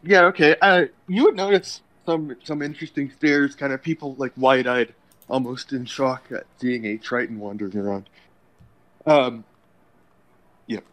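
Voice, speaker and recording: A man's voice: mid-range voice, normal speed, a bit bright. A man running a tabletop game as dungeon master, narrating loosely with fillers like uh and um.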